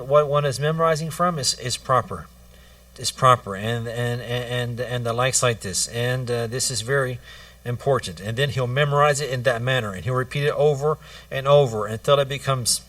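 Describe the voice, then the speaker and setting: A man's voice: medium pitch, moderate pace, fairly bright tone, no room sound, distant mic. A man giving a religious lesson, repeating key phrases and restarting his sentences as he teaches. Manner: repetitive, restarts phrases, stresses points twice. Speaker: Islamic teacher.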